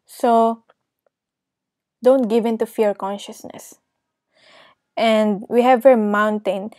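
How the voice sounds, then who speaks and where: Slow, soft-spoken woman tarot reader. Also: medium pitch, dry recording, studio quality. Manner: emotional, laughs often, talks to viewer directly; reassuring, repeats "okay?". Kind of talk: casual tarot reading.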